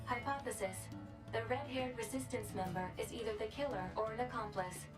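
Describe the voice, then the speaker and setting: A calm, analytical female android, voiced by an actress speaks in a flat, clinical manner. Her voice sits a little high. The audio is played from a video game, with loud music running through it. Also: fairly quick, natural voice.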